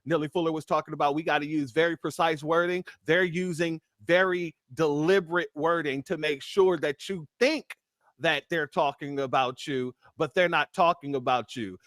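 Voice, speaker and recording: A man's voice: fairly high pitch, normal speed, a bit bright, no room sound, studio quality. A man in a livestream discussion, making his points earnestly.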